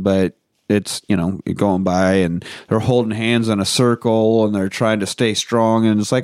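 A man's voice: on the low side, level tone, normal speed, darkish tone, clean tone. A man co-hosting a podcast, casually retelling a movie's plot and swearing freely as he goes. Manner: swears freely, acts out characters' lines. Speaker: podcast co-host. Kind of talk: casual movie recap chat.

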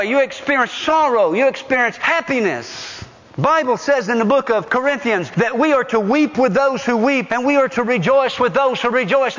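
A male pastor preaching a sermon emphatically, rising loud and dropping soft. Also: sits high, long reverb tail, highs cut off. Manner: emphatic, dynamic preaching with sudden loud rises and soft drops.

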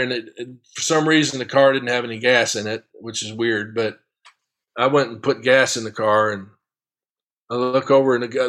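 Man, interview guest, long drive golfer, casual storytelling, chuckles often, mid-pitched voice. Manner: lively, chuckling raconteur.

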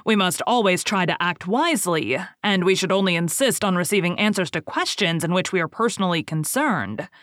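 A woman reading the lines of a proud High King in a storybook tale, measured and deliberate. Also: lively intonation, a bit bright, no room sound, clean studio sound. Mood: grave. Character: proud middle-aged male High King, calm and wise.

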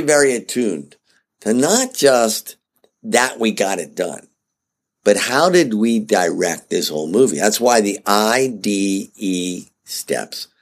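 A man giving a casual spoken lesson on project leadership, talking in a conversational way and checking in with his listeners. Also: fairly low pitch. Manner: animated and conversational, often checking in with "okay?".

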